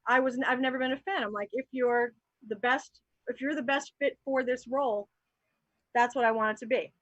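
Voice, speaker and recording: A woman from New Jersey talks animatedly and candidly on a live panel show, thinking aloud as she goes. Her voice is bright and dry, and the video call audio is muffled. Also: a little high, steady tone, normal speed, dry recording. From New Jersey, USA. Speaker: actor and improv performer.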